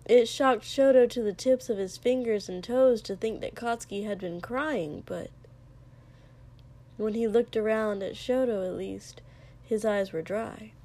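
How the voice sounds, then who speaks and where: A woman reading a fiction story aloud as narrator, in a slow, even storytelling manner. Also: a little high. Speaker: reader.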